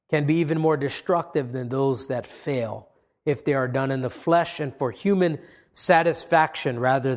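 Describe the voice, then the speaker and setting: Man, slightly high voice, earnest sermon delivery, measured pauses. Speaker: pastor.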